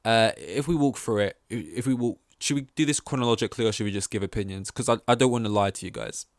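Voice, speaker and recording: A man's voice: on the low side, fast, no echo, studio quality. A man hosting a podcast in casual chat, rambling and thinking aloud with hesitant restarts. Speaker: podcast host.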